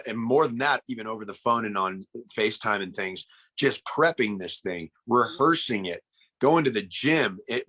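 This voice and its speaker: An actor from the film reflects earnestly on its making during a relaxed interview, frequently starting his sentences over. He speaks in a fairly low, pushed, bright voice.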